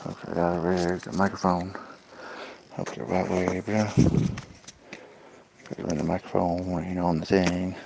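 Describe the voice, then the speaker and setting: A man livestreaming at home, massaging his dogs and talking to them in playful rhyming singsong, with coaxing commands to the pets. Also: low voice. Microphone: phone microphone on a stream. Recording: clear background noise.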